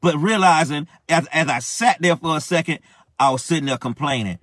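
A man's voice: a little high, a little fast, a bit bright, dry recording, clean studio sound. A man preaching a sermon, urging listeners with impassioned, repetitive exhortation.

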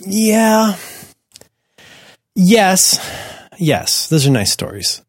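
A man co-hosting a casual tech podcast, talking in animated bursts with skeptical, self-deprecating asides, on a close microphone. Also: sits high, extremely slow, husky, no room sound. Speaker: podcast co-host.

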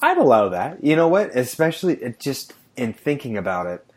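A man's voice: medium pitch, big pitch swings, a little fast, a little mellow, husky. A man chatting casually on a podcast, ranting and swearing freely about movies. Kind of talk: casual chat.

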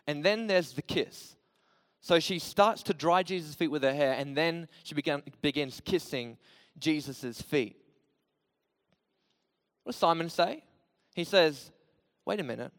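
Guy preaching in a big reverby hall, high voice, goes from loud and fired up to quiet and hushed. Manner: passionate, swinging from loud emphasis to soft low storytelling. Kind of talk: sermon.

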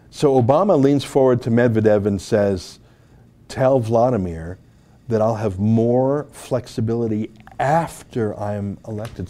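Argumentative commentary host. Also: male voice, medium pitch, mellow. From Alberta, Canada. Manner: emphatic, argumentative, with frequent fillers and restarts. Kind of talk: opinionated commentary.

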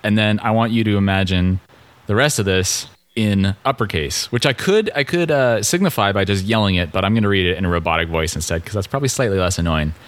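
A man's voice: on the low side, fairly quick, dry recording. A man co-hosting a podcast in casual chat, joking and laughing easily as he reads listener reviews aloud. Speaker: podcast co-host.

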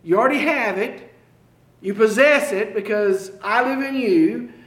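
High-voiced male preacher, echoey room. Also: a bit bright. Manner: slow, halting delivery with frequent fillers and restarts; repeats key phrases for emphasis. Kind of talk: sermon.

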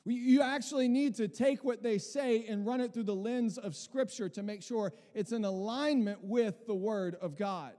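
A man delivers a lively, conversational sermon, breaking off into asides for his congregation. His voice sits high for a man. The sound carries the long reverb of a large church hall. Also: moderate pace, hardly any pauses. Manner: animated, conversational preaching with restarts and asides. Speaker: pastor.

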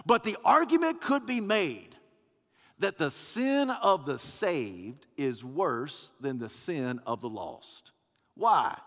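A man preaching a sermon with emphatic, rhythmic repetition that swells toward shouting. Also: fairly high pitch, sing-song, takes it slowly, in a large hall.

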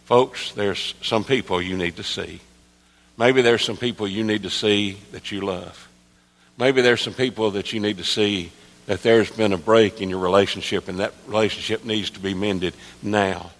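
A man in his sixties, a pastor, preaching an earnest sermon that drops soft and low, then rises to emphatic calls. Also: fairly even intonation, normal speed. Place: church sanctuary. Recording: long reverb of a large hall.

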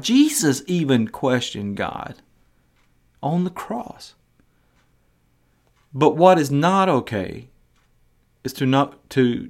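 A man teaching a Bible passage on his podcast, earnest, acting out the quoted voices, with some stumbling restarts. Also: mid-range voice. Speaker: podcast preacher.

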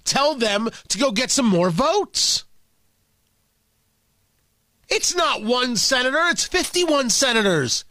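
A man's voice: extremely high pitch, big pitch swings, slow pace, long pauses, bright, forceful tone, dry recording. A man hosting a political commentary show, combative and sarcastic in delivery. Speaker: host.

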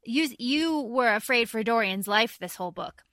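A woman's voice: a little high, expressive, normal speed, a bit bright, dry recording. A woman co-hosting a podcast, chatting enthusiastically about a book with casual swearing. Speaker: podcast co-host.

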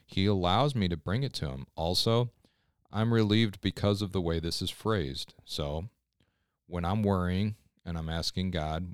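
A man's voice: deep voice, a little slow, clean tone, no echo, studio quality. A man, a pastor, giving an earnest, conversational scripture devotional on a podcast and often checking in with listeners.

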